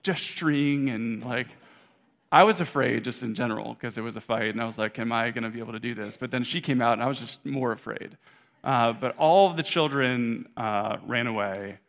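A man's voice: mid-range voice, creaky, fairly bright tone. A young adult man preaching a sermon as pastor, in a conversational way, correcting himself and often adding "right?" asides.

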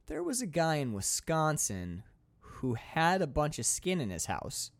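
Animated man riffing on a movie. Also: on the high side, a little slow, gravelly. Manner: animated, swearing, mock quoting. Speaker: podcast co-host. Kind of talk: casual movie commentary chat.

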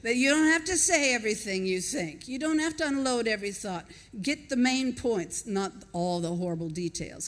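American woman preaching in a reverberant hall. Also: mid-range voice. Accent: American, softened by years in Australia. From United States. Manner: conversational, storytelling, laughs with the congregation. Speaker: pastor. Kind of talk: sermon. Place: church auditorium.

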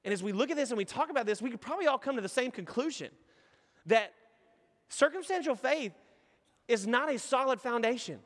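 A man's voice: very high voice, brisk, in a large hall. A man in his thirties preaching a sermon as pastor, telling stories animatedly and acting out voices. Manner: animated storytelling with acted-out voices.

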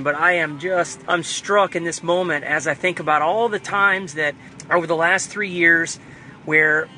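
A man's voice: high-pitched, pushed and bright, slight background noise, poor audio. A man talking in an earnest, fervent, rambling way as he shares personal devotional reflections in a vlog. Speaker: believer sharing devotional reflections. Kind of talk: personal faith vlog monologue.

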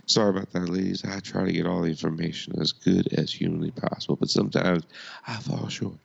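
A man's voice: deep voice, steady tone, quick pace, gravelly, slightly rough, highs cut off. A man co-hosting a casual chat, rambling and correcting himself as he goes. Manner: rambling, self-correcting, apologetic. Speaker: podcast co-host.

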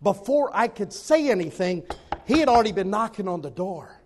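A man preaching a sermon and telling a personal story in an animated way, repeating phrases for emphasis. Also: high-pitched, moderate pace, in a large hall, a little hiss or hum.

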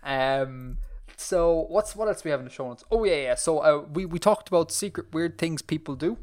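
A man's voice: on the high side, normal speed, a little mellow. A man with an Irish accent hosting a podcast, rambling through casual chat with lots of fillers and restarts. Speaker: podcast host.

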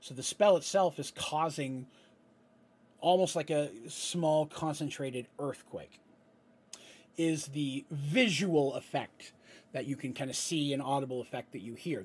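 A man's voice: a little high, fairly bright tone, breathy edge. A man acting as game master, narrating a tabletop fantasy battle with explanatory asides and frequent checks of "right?".

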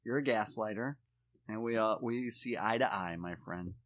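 Relaxed dad telling family stories. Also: male voice, on the low side, moderate pace. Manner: relaxed storyteller, swears casually, quotes his kids. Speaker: podcast co-host, father. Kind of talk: casual chat.

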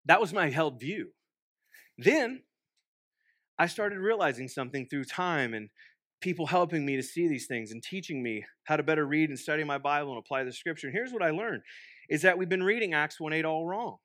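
A young man from Texas with a Texan accent preaching a sermon, joking and swinging between loud bursts and hushed asides. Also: a little high, no echo, clean studio sound. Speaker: pastor. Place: church.

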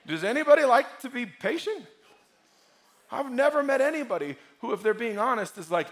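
A man preaching a sermon as pastor, swinging from loud, emphatic lines to hushed ones. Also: extremely high pitch, big pitch swings, moderate pace.

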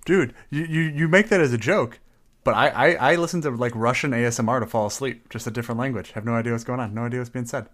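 A man's voice: medium pitch, fast talker, a bit bright. A man co-hosting a podcast in casual banter, playful and rambling, often restarting his sentences. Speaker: podcast co-host.

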